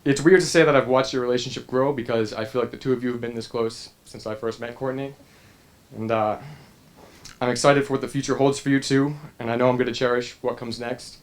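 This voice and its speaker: A young man giving a heartfelt best man's toast at a wedding, earnest and halting, with frequent pauses and restarts. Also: medium pitch, fairly even intonation.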